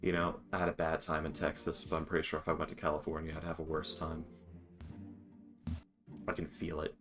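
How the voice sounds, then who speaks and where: A man's voice: extremely low pitch, completely flat delivery, over music. A man chatting casually as a tabletop game player, joking and bawdy. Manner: joking, bawdy, quick asides. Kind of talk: casual online chat.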